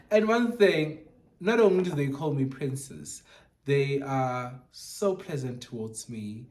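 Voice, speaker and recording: A vlogger chatting casually through an unboxing, gushing and animated, switching between English and Sesotho. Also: medium pitch, takes it slowly.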